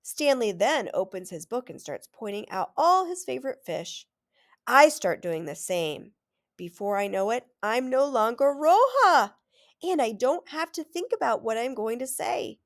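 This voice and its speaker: Expressive woman reading aloud. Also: on the high side, a little slow. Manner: expressive storytelling. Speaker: teacher. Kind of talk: reading a children's chapter book aloud.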